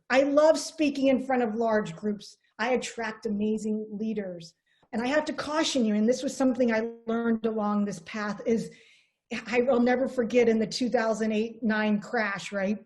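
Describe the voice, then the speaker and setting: Woman, fairly high voice, earnest coaching style, motivational sales trainer. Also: darkish tone. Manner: earnest, coaching, repeats herself. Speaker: network marketing trainer.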